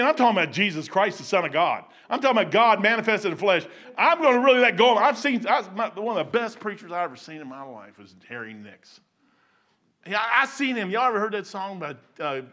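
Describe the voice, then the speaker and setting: A middle-aged preacher with a drawl delivers a lively sermon. His voice sits high and bright, and it jumps from shouted excitement down to low, quiet asides. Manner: animated, swings between loud bursts and low asides.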